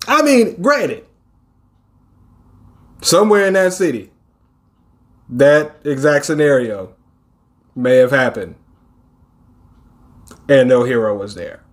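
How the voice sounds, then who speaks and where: A man hosting a casual manga reaction, reading panels aloud and reacting with laughs and swearing. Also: medium pitch.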